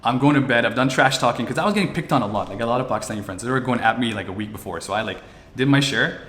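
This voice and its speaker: A man doing virtual stand-up, telling stories animatedly with bursts of shouting and laughter. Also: mid-range voice, rapid-fire, roomy sound. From India. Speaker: stand-up comedian. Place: room, performing over a video call. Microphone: video call.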